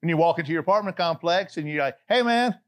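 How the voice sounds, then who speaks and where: A middle-aged Southern preacher from Georgia with a notably high voice. He talks in an animated, chatty way and breaks into frequent asides. The sermon feels like a personal story told straight to the congregation. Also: very fast. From Atlanta, Georgia. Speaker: pastor.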